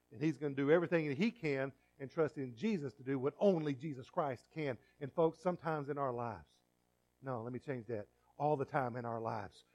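Male pastor, higher-pitched, sermon delivery with hushed asides and loud emphatic peaks. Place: church.

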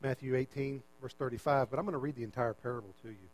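A man preaching a sermon, repeating phrases and swinging from loud emphasis to quiet asides. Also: fast, poor audio. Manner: preaching with big swings in pitch and loudness, repeating words for emphasis. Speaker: pastor.

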